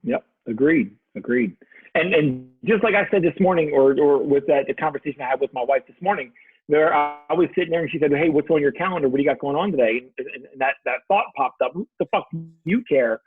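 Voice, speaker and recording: A man's voice: on the high side, fast, husky, dry recording. A male guest coach telling stories in a reflective, casual way and acting out the voices he quotes. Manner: reflective storyteller who acts out quoted voices. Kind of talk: casual podcast conversation. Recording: dry, tinny phone-like line.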